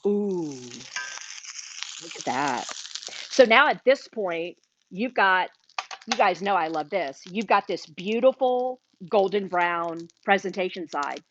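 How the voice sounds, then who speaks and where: A woman's voice: lowish voice, highs cut off, slight background noise. A woman hosting a live cooking demonstration in a kitchen, chatting enthusiastically with her viewers. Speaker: cooking show host. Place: home-style kitchen. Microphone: livestream camera mic.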